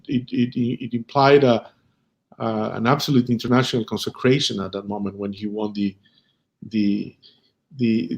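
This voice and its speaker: Man curator asking questions on a call, thoughtful, hunts for words, medium pitch. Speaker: curator and interviewer. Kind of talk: conversational interview questions.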